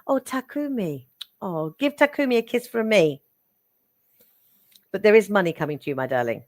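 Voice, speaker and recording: A woman giving psychic readings on a live stream, chatty and affectionate, getting excitable and calling viewers darling. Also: mid-range voice, normal speed, no echo, studio quality. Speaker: psychic reader.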